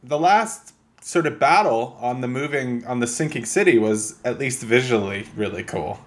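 A man's voice: mid-range voice, lively intonation, moderate pace. Argumentative young man, casual swearing. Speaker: podcast co-host. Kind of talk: casual game review chat.

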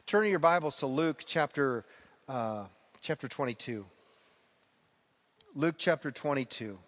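A man's voice: fairly high pitch, lively intonation, a little slow, a bit bright, long reverb tail. A man preaching a sermon as pastor, retelling the story earnestly and repeating key phrases for emphasis.

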